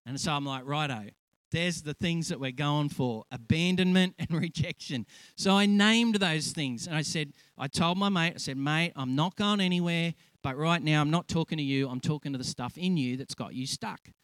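Animated man telling a church story. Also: a little high, moderate pace, clean tone, no room sound, low-quality recording. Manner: animated storytelling, acts out quotes loudly. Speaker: church speaker. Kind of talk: testimony sermon.

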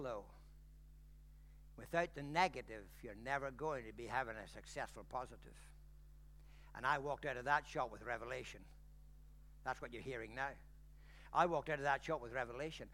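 An older man from Ireland, preaching a sermon, telling a personal story and building to loud exclamations. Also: on the high side.

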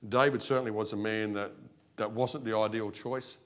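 A man preaching an evening service sermon, animated, his voice swinging between loud and soft. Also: fairly low pitch, moderate pace. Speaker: lay preacher. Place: church.

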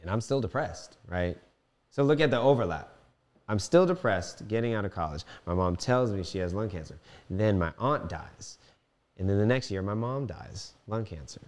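Young guy w a lowish voice, cussing a lot, telling his story real candid, goes jokey then heavy. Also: normal speed. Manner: profane, animated, swings between playful voices and heavy quiet.

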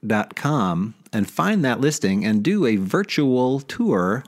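A man co-hosting a relaxed podcast, trading quick-witted banter with his partner. He slips into salesy asides, and his voice sits at an ordinary pitch. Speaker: podcast co-host, real estate agent. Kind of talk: casual chat.

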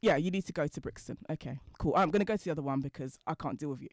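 A woman telling stories as a podcast guest, talking fast and laughing as she goes. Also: low voice, very noisy. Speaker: guest, designer. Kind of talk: animated storytelling in conversation.

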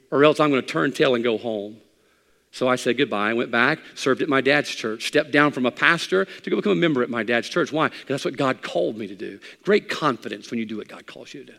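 A male pastor preaching a sermon. He moves from quiet, intimate talk to loud, impassioned preaching, telling stories in his own voice. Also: mid-range voice, fast talker, gravelly, long reverb tail.

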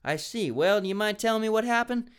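Cordial small-town police chief from a storybook, read by a man, high and clear. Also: expressive, fast.

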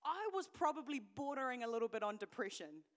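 A woman preacher giving a candid personal testimony, swinging between loud emphatic declarations and hushed, whispered lines. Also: fairly high pitch, animated, fairly quick. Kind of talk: sermon.

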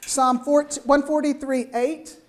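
An older woman delivers a sermon with a voice that sits a little higher than most. She talks in a loose, conversational way and keeps pulling her listeners in with quick asides. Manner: lively, conversational, frequent "right?" asides. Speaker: preacher.

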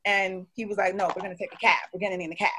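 A woman in her forties hosting a talk show, telling a personal story in a casual, animated way, laughing often and acting out quotes. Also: mid-range voice, very fast, slight background noise.

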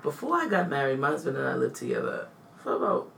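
A woman, chatting casually as a podcast co-host and telling animated stories with acted-out quotes. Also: extremely low pitch, fast talker, gravelly, echoey room, recorded from a distance, slight background noise. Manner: animated storyteller, acts out quotes, bursts into laughter. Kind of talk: casual chat.

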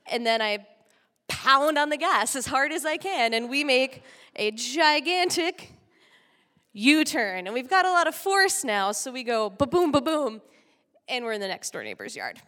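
Woman from Texas, lively stage storyteller, laughs through it, bright tone, long hall reverb. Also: sits high, measured pace. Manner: animated, laughing often. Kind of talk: live comic storytelling.

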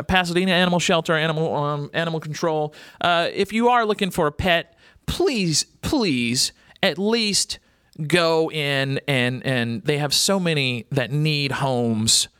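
A man's voice: a little high, fairly bright tone, clean tone, no room sound, clean studio sound. Blunt, rambling male radio host. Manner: rambling, blunt and crude, with many fillers. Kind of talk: casual radio talk.

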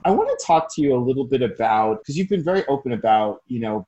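A man hosting an interview in an earnest, praising way, his voice at a middle pitch. He leads into his questions with care. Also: a little mellow. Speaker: host, interviewer.

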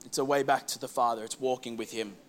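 A man preaching a sermon to a church congregation, passionate, repeating words and moving between loud declarations and soft asides. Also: medium pitch, steady tone, fast talker. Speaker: pastor. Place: church hall.

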